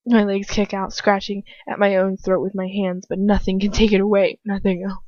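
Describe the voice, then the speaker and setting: A woman's voice: mid-range voice, little pitch movement, normal speed, a little mellow, dry recording. Woman narrating an audiobook, unpolished reading with restarts, dry close sound, dull lo-fi mic. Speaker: fan fiction reader. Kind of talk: first-person audiobook reading.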